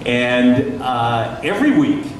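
A man's voice: medium pitch, big pitch swings, slow pace. A middle-aged radio journalist telling anecdotes on a panel, chatty, laughing often and restarting his sentences. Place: panel discussion in a large echoey room. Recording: echoey hall from far off, noisy.

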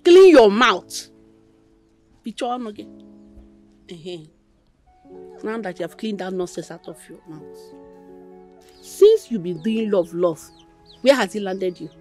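A woman's voice: medium pitch, lively intonation, measured pace, long pauses. Sarcastic nigerian mum telling off her girl, music in the back. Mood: reproachful. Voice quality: sharp, sarcastic lecturing. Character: bitter mother lecturing her daughter. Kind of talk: Nollywood film acting.

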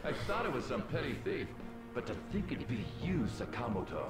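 A man's voice: mid-range voice, sing-song, a little fast. An actor playing an arrogant, mocking tyrant king in a video game, talking down to his captives. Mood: sneering. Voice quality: sneering, mocking. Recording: roomy game audio with music.

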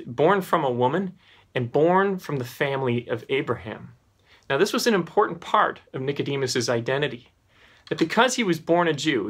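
A man preaching a sermon, explaining in a teaching tone and swinging his pitch up and down for emphasis. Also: fairly bright tone.

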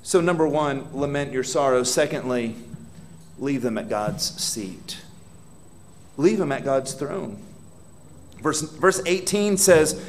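This pastor's voice is fairly high, with slight background noise, as he preaches a dramatic sermon in a church hall. He asks the congregation questions head-on and lets his spoken prayers build in intensity.

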